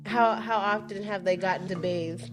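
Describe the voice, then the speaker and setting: A woman co-hosting a casual reaction chat, relaxed and agreeable, often chiming in. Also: medium pitch, normal speed, music in the background, low-quality recording. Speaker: podcast co-host.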